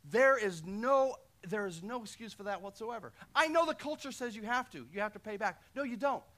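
A male pastor delivering a sermon with a high, ringing voice. He preaches with passion, punching key lines loudly and then dropping to soft, intimate asides. His tone stays bright and forceful throughout. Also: lively intonation, a little fast. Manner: impassioned preaching, swinging between loud emphasis and quiet asides.

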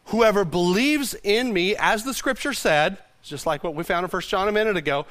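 A male pastor preaching a sermon to a congregation in a conversational, animated way, often repeating words as he goes. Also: sits high, moderate pace, few pauses, no echo.

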